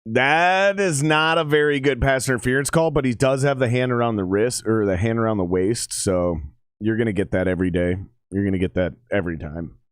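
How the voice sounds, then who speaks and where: A laid-back man talks loosely at a middling pitch, drifting from one point to the next with plenty of fillers and the odd curse. His voice sits close and dry on the mic, with no room sound around it. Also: fairly quick, clean tone, no echo. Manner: rambling, profane, with many fillers. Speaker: streamer commenting on a game. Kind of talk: casual livestream chat and commentary.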